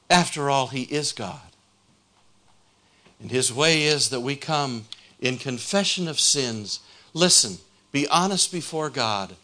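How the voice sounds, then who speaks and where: Slow, bright-voiced preacher man. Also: on the high side. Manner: slow storytelling, building to fervent appeal. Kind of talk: sermon.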